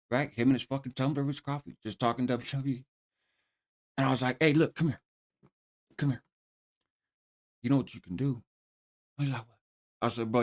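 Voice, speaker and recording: A middle-aged man casually telling a story in streetwise slang, often checking in with "right?". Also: mid-range voice. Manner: streetwise slang, frequent "right?" tag questions. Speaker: host telling a prison story.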